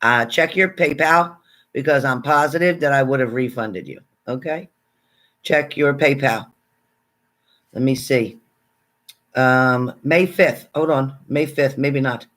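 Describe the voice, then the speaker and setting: A man hosting a casual livestream, chatting with viewers and greeting them by name, excitable and exclamatory. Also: medium pitch, slow pace. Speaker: livestream psychic reader. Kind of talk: casual live chat with viewers.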